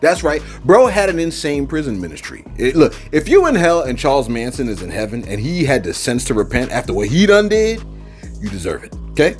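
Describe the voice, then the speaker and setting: A man with a mid-range voice hosts a celebrity news channel, talking briskly over faint background music. His casual commentary is animated and full of jokes, packed with fillers and repeated uses of "man" and "look."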